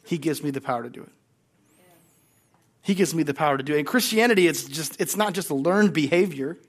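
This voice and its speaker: High-voiced emphatic preacher man. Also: animated, fast talker. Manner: emphatic, repeats key lines, has congregation repeat after him. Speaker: guest pastor. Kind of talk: sermon.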